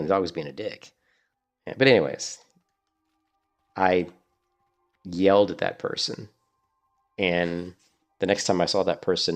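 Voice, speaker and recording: A man chatting casually and rambling as he streams a game. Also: deep voice. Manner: rambling, chatty, restarts a lot. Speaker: gaming streamer. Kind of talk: casual gameplay commentary.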